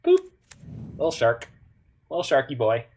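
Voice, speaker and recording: A man talking through his online card game in a loose, playful way. His pitch sits in an ordinary middle range, and he drops into quiet muttered asides between the louder jokes. The result is casual, chatty gameplay commentary. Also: wildly swooping pitch, normal speed. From Canada.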